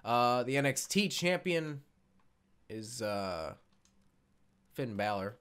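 A man's voice: mid-range voice, sing-song, slow pace, fairly bright tone, clear, resonant tone. A young man giving casual let's-play commentary as he sets up a wrestling game, rambling, correcting himself and swearing offhandedly. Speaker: gaming YouTuber.

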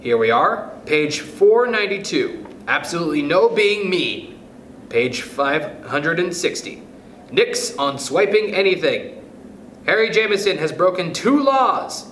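A man's voice: high-pitched, expressive, measured pace, a bit bright, pitched above the performer's own voice. A man reading a storybook, voicing an earnest, fussy little male mouse who speaks solemnly and lectures. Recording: echoey room, faint background noise.

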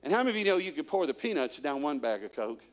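A man's voice: a little high, fast talker. A man, preaching a guest sermon in a church and quizzing the congregation with question after question. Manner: animated storyteller, quizzing the congregation with repeated questions.

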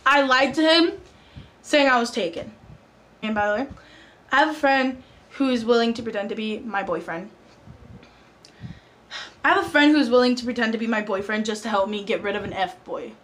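A teenage girl vlogging to her viewers, retelling an annoying exchange in a chatty, animated way. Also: a little high, normal speed, long pauses. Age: teens. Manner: talks straight to viewers as "guys". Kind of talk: casual storytime vlog.

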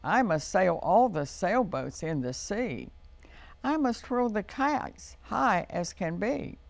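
A playful, boastful male March wind from a children's storybook, chanting his rhymes in a lilting sing-song, as a woman storyteller puts him on. The voice is low and a little gravelly, and it climbs and falls widely. The delivery is slow and unhurried. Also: expressive, dry recording.

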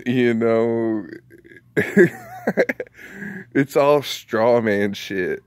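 Slow, profane rambling man. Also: lowish voice, no room sound, clean studio sound. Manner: profane, rambling, laughs often. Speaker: vlogger. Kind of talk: casual rant to camera.

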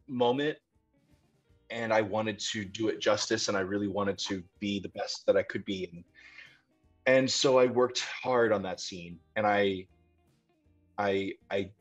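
A young man from Ohio, an actor, talking earnestly in a casual interview, rambling with many restarts. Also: lowish voice. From Dover, Ohio, USA. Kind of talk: casual conversation. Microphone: video call.

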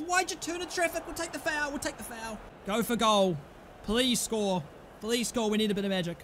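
A young man commentating his own football video game, excitable, groaning and then yelling at the play. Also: high-pitched, a little fast, a little hiss or hum. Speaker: gaming commentator. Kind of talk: live gameplay commentary.

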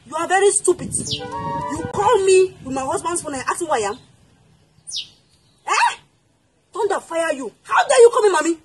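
Woman playing a shrill betrayed Cameroonian wife. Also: big pitch swings, moderate pace, pauses often, over loud music, rough recording. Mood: indignant. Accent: Cameroonian English. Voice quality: shrill, wailing outbursts. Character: loud betrayed wife, dramatic and fiery. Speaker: comedian. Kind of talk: comedy sketch acting.

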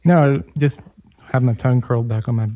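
A man's voice: medium pitch, fairly quick, phone-quality sound, a crowd in the background. A man playing in a tabletop game who chats casually in a laid-back way. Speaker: player.

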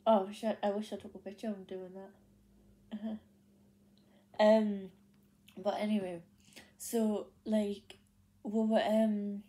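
A woman's voice: mid-range voice, warm tone. A young woman with a Geordie accent telling a story to the camera in casual vlog chat, rambling with lots of fillers and restarts. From North East England. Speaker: vlogger.

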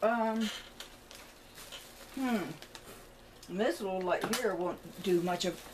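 A woman's voice: medium pitch, slow, noisy background. A woman chatting to her camera at home as she shows a shopping haul, thinking aloud and rambling as she goes. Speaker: vlogger showing a shopping haul. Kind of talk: casual chat to camera. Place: indoors at home, room with a closet. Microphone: camera on a tripod.

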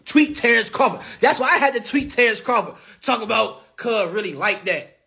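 Young guy talking trash on a phone live, high voice, swings up and down a lot. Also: expressive, moderate pace, vocal fry, sharp tone. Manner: brash, taunting, repetitive, laughs mid-sentence. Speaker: boxer on a social media live stream.

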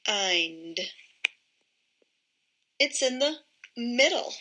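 Woman teacher doing phonics for little kids, super slow, stretches out every word, bright voice. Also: on the high side, animated, poor audio. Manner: slow, drawn-out modelling of word sounds. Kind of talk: phonics lesson for young children.

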